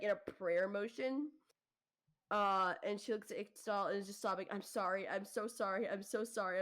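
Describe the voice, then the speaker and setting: A woman's voice: mid-range voice, a bit bright. A woman playing in a tabletop game, describing her character's actions in a casual, hesitant way. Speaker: player.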